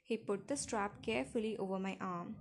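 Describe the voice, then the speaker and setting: A woman's voice: medium pitch, brisk. A woman narrating a first-person novel in an intimate, emotional storytelling manner. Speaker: audiobook narrator.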